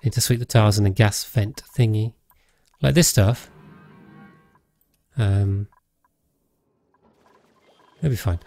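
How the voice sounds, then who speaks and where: Slow and creaky, a man with a dark, lowish voice chats on his game livestream, leaving long pauses as he rambles and keeps hesitating and correcting himself. Soft music plays in the background.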